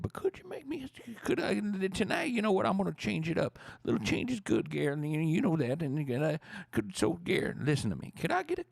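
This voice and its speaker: A man's voice: fairly high pitch, gravelly, no room sound, clean studio sound, voice pushed up, heavily acted. A man putting on the voice of a flustered bar regular who stammers and keeps repeating himself while ordering.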